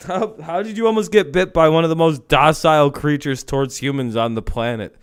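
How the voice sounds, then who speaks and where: A man's voice: on the high side, brisk, clear, resonant tone, no room sound, clean studio sound. A man hosting a live stream, chatting casually in a profane, laid-back, rambling way.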